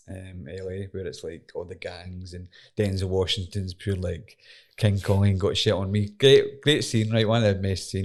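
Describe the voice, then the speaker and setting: Low-voiced Scottish man telling a wild story. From Scotland. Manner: sweary, laughing, animated storyteller. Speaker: MMA fighter guest. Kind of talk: casual storytelling.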